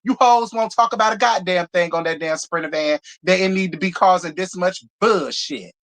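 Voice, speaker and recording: A channel host delivering a live review as a fiery rant, swearing freely and repeating lines over and over for emphasis. The voice sits mid-range in pitch, and the delivery stays blunt and worked up. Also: normal speed, a bit bright. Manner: blunt, profane, heated, repeats points for emphasis.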